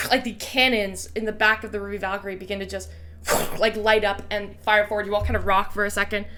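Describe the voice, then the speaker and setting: A woman's voice: medium pitch, little pitch movement, fairly quick, background noise. A woman narrating as game master in a casual, swearing, laughing tone.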